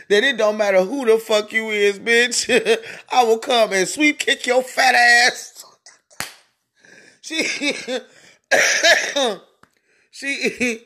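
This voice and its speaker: Slow, laughing, profane podcast ranter. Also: mid-range voice, pushed and bright. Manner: profane and mocking, keeps breaking into laughter. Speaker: podcast host. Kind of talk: solo podcast rant.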